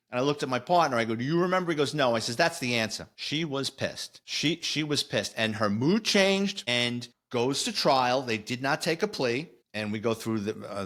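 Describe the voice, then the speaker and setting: A man's voice: mid-range voice, a bit bright. A middle-aged man, casually recounting an old police case and acting out the dialogue. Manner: rambling, restarts, acts out quoted dialogue. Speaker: retired police officer and podcast guest storyteller. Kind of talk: casual storytelling.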